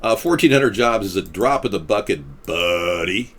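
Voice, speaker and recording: A man's voice: on the low side, sing-song, normal speed, breathy edge. A man hosting a casual political chat show, rambling and sarcastic. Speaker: host.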